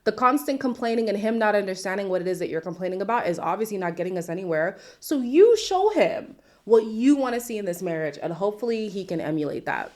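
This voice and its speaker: A woman with a mid-range voice chats through a reality TV recap. She sounds incredulous and sassy, with quick asides. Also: medium pitch, expressive, darkish tone. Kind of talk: casual recap commentary.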